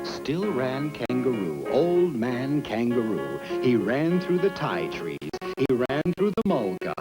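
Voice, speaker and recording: A man's voice: a little high, poor audio. A man narrating a children's story in a rhythmic, sing-song telling. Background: music.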